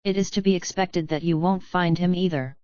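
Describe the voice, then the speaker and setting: A woman reading the lines of a calm, scheming white-haired old man in an audiobook, in a gentle, measured way. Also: high-pitched, clean tone, dry recording, natural voice. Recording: dull, lo-fi, dry.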